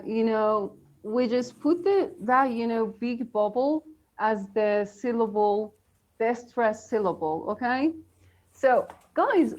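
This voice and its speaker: Slow-talking woman teaching pronunciation. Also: fairly high pitch. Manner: chatty, encouraging, many fillers and laughs. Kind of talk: live online English lesson.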